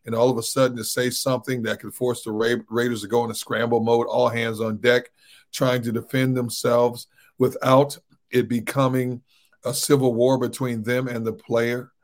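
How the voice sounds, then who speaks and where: A man's voice: mid-range voice, little pitch movement, moderate pace. A man co-hosting a sports talk show, chatting casually and animatedly about football, often tossing in "man". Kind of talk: casual sports radio chat.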